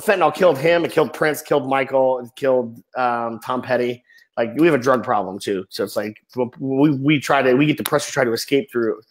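Man, 40s, podcast guest, earnest, emotional, mid-pitched voice. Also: brisk, low-quality recording. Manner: earnest, emotional, often trailing off softly. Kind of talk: candid personal storytelling.

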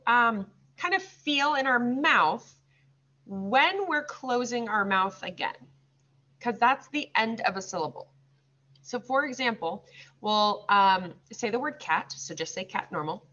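Woman teacher, bright clear voice, slightly dull lo-fi sound, slow drawn-out word modeling. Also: on the high side, a little hiss or hum. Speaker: second grade teacher. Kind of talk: recorded classroom lesson.

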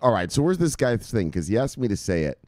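Man, low voice, huge pitch swings, rowdy, swearing, shouted catchphrases, casual host, dry close sound. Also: sing-song, quick pace, dry recording. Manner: rowdy, swears freely, shouts bursts of catchphrases between low muttered asides. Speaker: crypto video host. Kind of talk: casual commentary reading out viewer comments.

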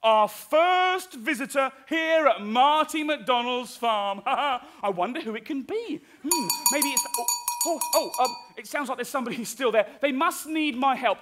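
A man playing a cheerful, excitable farmer in a live children's stage show, exclaiming and calling out to the audience. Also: very high-pitched, unhurried, noisy background. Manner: animated, exclamatory, talks to the audience.

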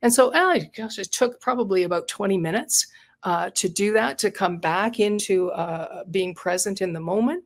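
A woman's voice: medium pitch, moderate pace. A middle-aged woman, a retired psychotherapist and coach, speaking earnestly and reflectively in an interview, sharing a personal story. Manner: earnest, reflective, repeats words while thinking.

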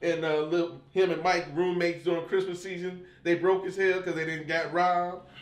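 A man's voice: high-pitched, little pitch movement, moderate pace. A man on a comedy panel, rambling through his point in easygoing slang. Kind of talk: casual comedic debate. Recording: echoey room.

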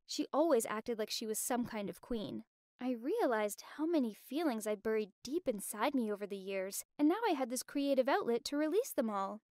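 A young woman narrating a scripted animated story with expressive, dramatic delivery. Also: high voice, no echo, clean studio sound.

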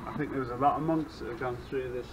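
A man's voice: medium pitch, fairly even intonation, fast. A man paranormal investigator provoking spirits outdoors with taunts. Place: outdoors at abbey ruins. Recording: dull lo-fi sound with loud noise.

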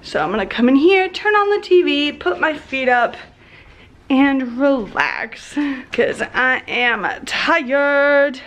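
A woman's voice: high-pitched, animated, slow, a bit bright. A young woman chatting casually in a home vlog, a bit out of breath and tired, sometimes cooing at dogs in baby talk. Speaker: vlogger. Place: house, indoors.

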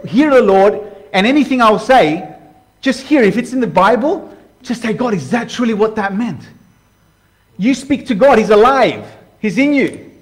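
Male preacher, tenor-ish, chatty sermon style with sudden loud and soft turns. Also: high-pitched. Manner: conversational, asks the congregation direct questions; voice swings from hushed to loud. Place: church hall before a live congregation.

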